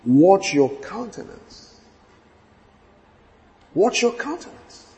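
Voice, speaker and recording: High-voiced preacher, lively sermon. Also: male voice, low-quality recording. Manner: storytelling with humour, lively swings from quiet to loud.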